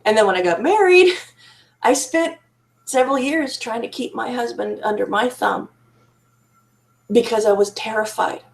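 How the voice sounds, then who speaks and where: Woman, candid monologue to camera, frank, self-critical, halting restarts, emotional. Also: fairly high pitch, vocal fry. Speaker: survivor sharing her story.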